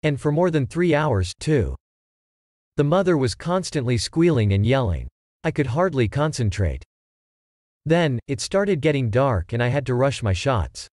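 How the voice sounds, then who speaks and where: Brief: a man playing a matter-of-fact, long-winded photographer, lively intonation, dry close sound. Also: mid-range voice, measured pace, no echo. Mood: earnest. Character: earnest, long-winded male baby photographer.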